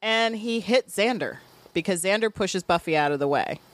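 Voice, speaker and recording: A woman's voice: mid-range voice, expressive, normal speed. A woman co-hosting a podcast, recapping a TV episode in casual chat, laughing often and acting out lines from the scenes. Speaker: podcast co-host.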